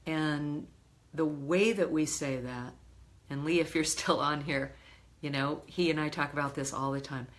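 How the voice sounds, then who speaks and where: A woman love coach teaching a session, calm and direct, with emphatic examples. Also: low voice, unhurried.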